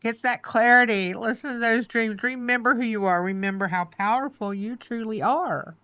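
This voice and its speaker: A woman's voice: fairly high pitch, normal speed, a bit bright, dry recording. Tearful woman giving tarot reading. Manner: emotional, reassuring, repetitive, says "okay" and "baby". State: close to tears. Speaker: tarot reader.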